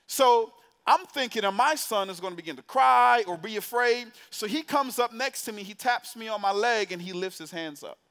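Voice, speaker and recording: A man's voice: sits high, lively intonation, normal speed, fairly bright tone, clean tone. A man preaching to young adults in a church, telling a story in a playful, conversational way and putting direct questions to the congregation. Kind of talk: storytelling sermon. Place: church sanctuary.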